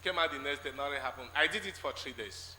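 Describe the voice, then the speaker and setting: A man with a Nigerian English accent tells his testimony in a large church, his bright, fairly high voice ringing with long hall reverb. He tells it haltingly, stopping to act out what each person said. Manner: halting storytelling, acting out quoted exchanges. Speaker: church member giving a testimony. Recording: echoey church hall with faint noise.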